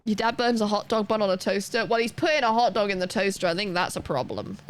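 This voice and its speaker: A woman's voice: mid-range voice, fast talker. A woman streamer chatting casually and rambling to her live chat while playing, laughing often and reading chat messages aloud.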